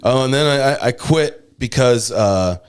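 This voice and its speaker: A man's voice: mid-range voice, measured pace, clear, resonant tone. A young man, a stand-up comic, chatting casually on a podcast, rambling and swearing, sometimes putting on voices. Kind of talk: casual chat.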